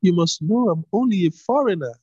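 A man voicing a humble, grateful young widowed foreign woman in a read-aloud Bible story, with a husky voice. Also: high-pitched, lively intonation, brisk, dark tone, dry recording, muffled recording, voice pushed up.

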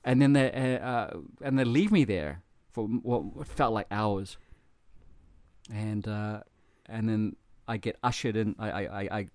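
A man's voice: lowish voice, a little mellow, no room sound. A man from New Zealand with a New Zealand accent, telling a personal story in casual podcast talk, swearing freely and getting emotional.

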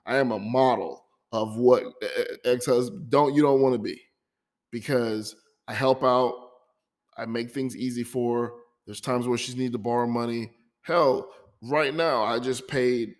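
A man's voice: mid-range voice, moderate pace. A man hosting his own podcast, talking through a hard week in an emotional personal monologue, often stumbling and repeating words. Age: adult, divorced. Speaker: podcast host.

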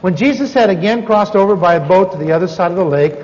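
A man with a high-pitched, darkish voice talks fast while telling a story in a sermon about evangelism. His style is folksy and self-deprecating, with lots of asides and restarts, and the sound is dull with long hall reverb.

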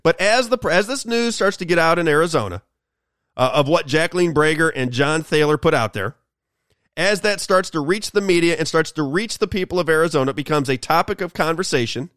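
A man's voice: on the high side, lively intonation, a little fast, fairly bright tone, dry recording, studio quality. A man hosting a political talk radio show, delivering an emphatic, repetitive monologue.

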